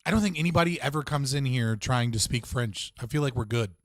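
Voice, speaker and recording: A man's voice: medium pitch, brisk, no echo. A young man hosting a casual livestream, rambling and swearing, often restarting sentences and laughing. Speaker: livestream host.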